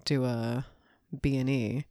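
A woman's voice: rumbling low, fairly even intonation, slow, mellow, no room sound, clean studio sound. A young woman co-hosting a podcast, teasing her friend and joking with swearing. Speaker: podcast co-host. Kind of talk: casual podcast chat.

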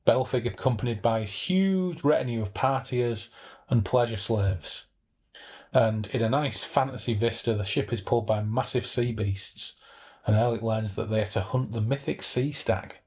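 A man, hosting a podcast and summarizing a novel in relaxed, chatty talk, with passages read aloud. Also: mid-range voice, normal speed, breathy edge. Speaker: podcast host.

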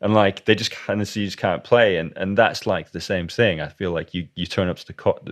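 A man's voice: low-pitched, fairly quick, dry recording, clean studio sound. A man from the UK hosting a podcast, chatting casually and rambling through restarts while acting out little dialogues. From United Kingdom. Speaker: podcast host. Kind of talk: casual conversational interview.

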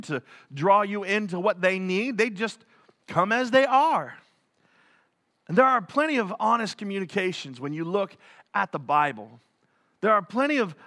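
A male pastor preaching a conversational sermon in an animated way, with frequent restarts. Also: sits high.

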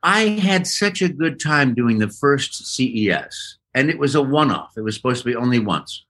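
A man being interviewed as a voice actor, with a bright, forward tone. He spins lively anecdotes and keeps leaping into high-pitched voices to act out what people said. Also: normal speed. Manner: lively anecdotal storyteller who jumps into high quoted voices. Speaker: voice actor guest. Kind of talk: casual interview storytelling.

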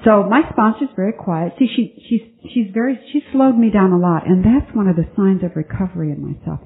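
A woman sharing her recovery story at a twelve-step meeting, earnest and halting with many restarts. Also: medium pitch. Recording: tinny phone-like conference tape.

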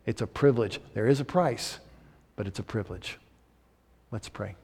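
A man preaching a sermon as pastor, swinging from loud urgent emphasis to soft, intimate appeals. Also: fairly low pitch, moderate pace, creaky, slightly rough, big-room sound.

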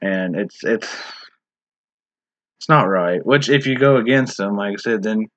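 A man with a lowish voice talks in a loose, rambling way, restarting his sentences and leaning on filler words. The recording is dull and muffled, with a dry, close sound and no room echo. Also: a little slow. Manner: rambling, hesitant, many restarts. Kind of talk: casual discussion.

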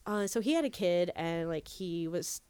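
A woman's voice: lowish voice, expressive, moderate pace, warm tone, clear, resonant tone, dry recording. A woman co-hosting a podcast, telling a story in casual chat and leaning heavily on "like". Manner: chatty storyteller, heavy use of "like". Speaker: podcast co-host.

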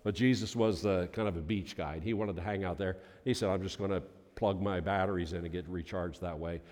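A male pastor telling a story in a sermon, in a folksy manner that builds to loud, emphatic peaks. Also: deep voice, fairly even intonation, fairly quick. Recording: long reverb of a large hall.

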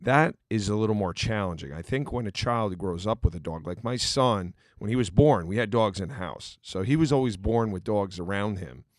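A man's voice: lowish voice, animated, moderate pace, hardly any pauses, no room sound, studio quality. A middle-aged man co-hosting a casual talk show, earnest and storytelling, with many fillers. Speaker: podcast co-host. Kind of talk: casual chat.

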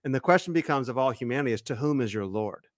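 A man's voice: medium pitch, animated, quick pace, no room sound. Man explaining scripture, dry close sound. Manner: explains Greek text step by step, restarts often. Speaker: co-host, Bible teacher. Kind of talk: casual scholarly discussion.

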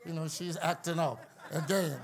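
High-voiced man preaching with fervor. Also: normal speed, gravelly, a crowd in the background. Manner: impassioned, building to shouts, with joking asides. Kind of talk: sermon.

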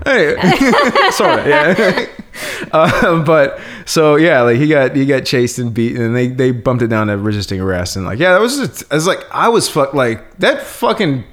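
Rambling, profane young man with a lively voice. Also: fairly high pitch, slow pace. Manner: rambling, profane, laughs often. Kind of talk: casual chat.

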